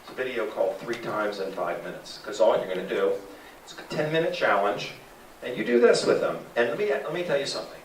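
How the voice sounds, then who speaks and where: A man giving an animated sales presentation to a live audience, asking the room questions. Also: medium pitch, a little fast, a little hiss or hum. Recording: echoey room from a distance.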